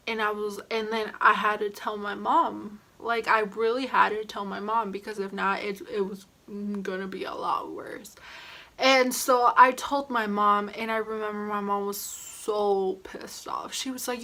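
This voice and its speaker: A young woman telling a casual vlog story, animated and slangy, sometimes dropping to whispers. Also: medium pitch, a little slow. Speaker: vlogger.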